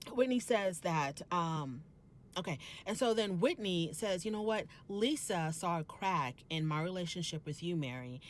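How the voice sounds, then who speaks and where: Lowish-voiced woman recapping a reality show. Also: a little hiss or hum. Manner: retelling scenes, acting out quotes in quick bursts. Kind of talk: casual episode recap with quoted dialogue.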